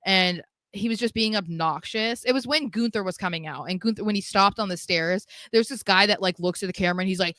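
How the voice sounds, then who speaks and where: A woman's voice: mid-range voice, fast, a bit bright, no room sound, clean studio sound. A young adult woman co-hosting a casual wrestling podcast, chatty and giggly, often acting out quoted lines. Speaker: podcast co-host.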